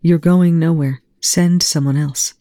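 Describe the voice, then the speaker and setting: A reader voicing a female ship medic who speaks softly but turns sharp and commanding, in a fan fiction audiobook. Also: medium pitch, steady tone, a little slow, no room sound, natural voice. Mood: firm.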